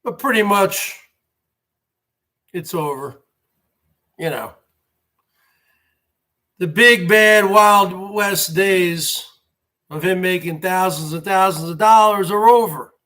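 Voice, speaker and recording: Man in his forties hosting a stream rant, sarcastic, high bright voice, unhurried. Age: 40s. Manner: sarcastic, emphatic, repeats himself. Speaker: show host. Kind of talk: casual livestream rant.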